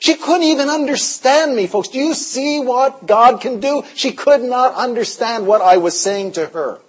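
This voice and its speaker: High-voiced husky male preacher. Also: animated, normal speed, poor audio. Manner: storytelling, shifts from shouting to hushed. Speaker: pastor. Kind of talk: sermon.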